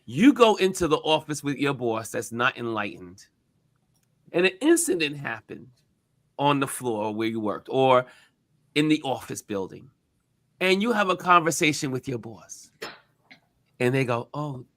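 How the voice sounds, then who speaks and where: A man hosting a casual talk show, telling stories with animated emphasis. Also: medium pitch, measured pace, long pauses, no room sound. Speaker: podcast host. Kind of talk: casual chat.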